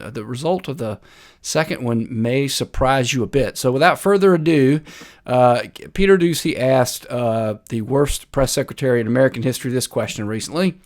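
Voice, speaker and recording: A man speaks with a North Carolina Piedmont Southern accent in a middle-pitched voice. He hosts a live political commentary stream, talking casually and opinionatedly with plenty of filler words. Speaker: host.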